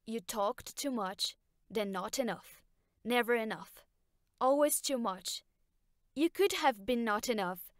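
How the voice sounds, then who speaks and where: A woman's voice: on the high side, no echo, clean studio sound. A woman actor playing a reproachful woman's voice of blame in an experimental theater monologue. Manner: measured and reproachful. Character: slow, brooding woman voice of blame. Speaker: stage actor.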